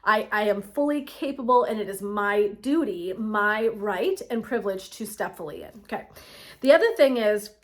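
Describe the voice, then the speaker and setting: A middle-aged woman coaching in a casual, motivational talk to camera, chatty and quick to laugh, checking in often with "right?". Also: medium pitch, animated. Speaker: women's wellness coach.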